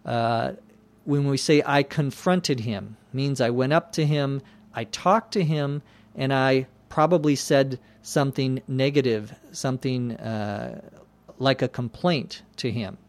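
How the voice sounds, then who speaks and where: A man teaching English vocabulary, explaining words slowly and spelling them out letter by letter. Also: medium pitch. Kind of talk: slow explanatory lesson.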